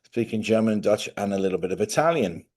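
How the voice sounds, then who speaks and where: Low-voiced man in rambling live chat. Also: lively intonation, quick pace, darkish tone. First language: English. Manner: rambling, chatty, thinks aloud. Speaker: live-stream host. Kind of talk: casual live-stream chat.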